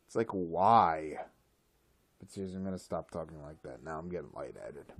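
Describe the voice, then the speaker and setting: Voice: a bass voice, expressive, normal speed, breathy edge. A speaker delivering a solo rant in an exasperated, sarcastic way.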